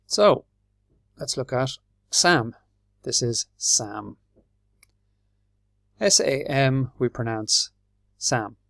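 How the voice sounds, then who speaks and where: A man with an Irish accent teaching English, explaining patiently and clearly and spelling words out letter by letter. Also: mid-range voice, animated, drawn-out words, pauses often, fairly bright tone, dry recording, clean studio sound. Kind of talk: slow, clear classroom explanation.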